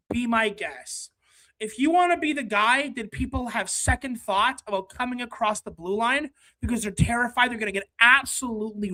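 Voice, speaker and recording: A livestream host ranting through casual hockey chat, exasperated, apologizing to viewers, then breaking into shouting. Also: mid-range voice, poor audio. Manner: quick, run-on talk with apologies to viewers.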